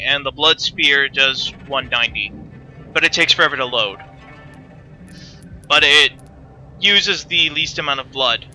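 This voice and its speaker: Bright, high-voiced man streaming a game. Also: rough recording. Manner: blunt, swearing, chatty. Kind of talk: casual gameplay commentary.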